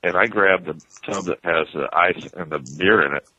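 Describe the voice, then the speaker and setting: A low, husky man on a muffled phone line, rambling through a story. His bright, forceful voice keeps breaking into laughter as he swears his way along. The sound is dry and dull. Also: normal speed, no room sound. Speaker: guest calling in. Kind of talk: casual storytelling. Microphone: phone call.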